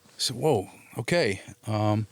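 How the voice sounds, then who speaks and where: A man's voice: on the low side, a little slow, dry recording. Middle-aged guy telling a story on a podcast, swears a lot, does the other voices, dry close mic. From born in Italy, raised in New Jersey. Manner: animated, acts out quoted voices, swears freely. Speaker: actor guest. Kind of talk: casual storytelling interview.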